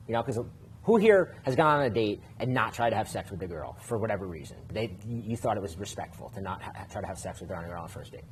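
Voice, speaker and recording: A man's voice: fairly low pitch, a little hiss or hum. A man who works as a dating coach, explaining casually on a podcast with many fillers and restarts.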